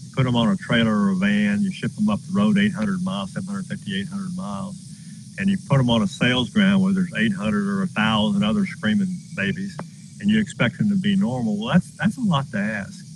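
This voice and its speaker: A man's voice: fairly low pitch, a little fast, noisy background. A man who runs a horse farm, telling a story in an earnest, folksy way while outdoors. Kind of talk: casual storytelling.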